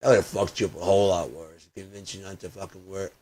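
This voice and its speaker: Profane ranting man, low voice. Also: level tone, fast talker, hardly any pauses, husky. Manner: profane, swings from loud outbursts to muttering. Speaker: video blogger. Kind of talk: ranting personal monologue.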